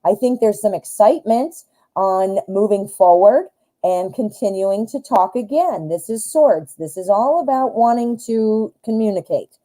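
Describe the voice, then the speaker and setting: A woman's voice: medium pitch, lively intonation, measured pace, warm tone, low-quality recording. A woman hosting a live tarot stream, reading cards in a chatty, upbeat way and talking straight to her viewers. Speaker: tarot reader, live show host.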